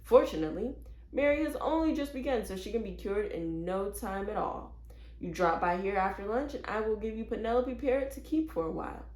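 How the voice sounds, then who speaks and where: Woman reading a kindly neighbor lady, calm, reassuring, storybook, roomy echo. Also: medium pitch, a little fast, lightly acted. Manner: soothing, reassuring.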